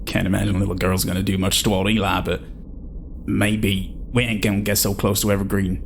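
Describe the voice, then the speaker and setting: A man playing a brash, rough-talking male space crewman who swaggers in ungrammatical slang. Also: sits low, level tone, brisk, slight background noise. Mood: scheming.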